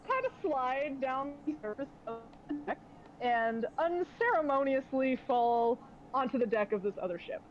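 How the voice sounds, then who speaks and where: Soft music plays behind a young woman with a high-pitched, lively voice at a moderate pace. She narrates a tabletop game as game master, rambling, filling gaps with fillers and laughing a lot, all on dull lo-fi audio.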